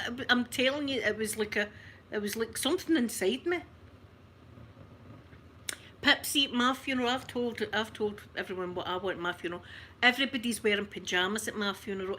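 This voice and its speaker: Chatty Scottish woman with a bright voice. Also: mid-range voice, a little hiss or hum. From Scotland. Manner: chatty, animated storyteller, frequent laughter and restarts. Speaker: ASMR livestream host. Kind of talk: casual storytelling on a livestream.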